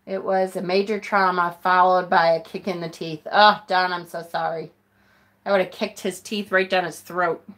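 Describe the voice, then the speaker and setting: A woman's voice: on the low side, little pitch movement, moderate pace, a bit bright. A woman hosting a casual tarot live stream, answering viewer comments in a blunt, profane way, often laughing and sighing. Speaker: tarot channel host.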